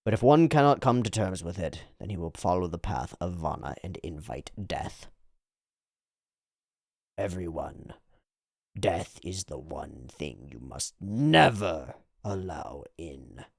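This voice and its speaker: A man's voice: sits low, animated, slow pace, vocal fry, a little mellow, no room sound, clean studio sound, pitched below the performer's own voice, exaggerated voice. A man voicing a solemn old village elder who lectures the villagers, read aloud from a comic.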